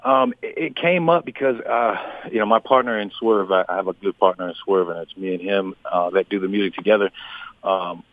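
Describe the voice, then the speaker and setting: A man's voice: low voice, dry recording. Earnest man on a tinny phone line. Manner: earnest, halting, many restarts. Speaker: radio guest, musician. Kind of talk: phone interview testimony.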